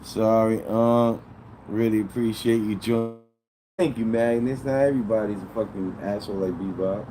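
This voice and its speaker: A man with a fairly low voice chats to his stream viewers, aggrieved and rambling, swearing freely. Constant background noise and vehicle sounds run under his voice. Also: fairly even intonation, moderate pace, warm tone, rough recording. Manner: aggrieved, rambling and heavily profane. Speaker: livestreamer. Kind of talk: casual livestream chatter to viewers.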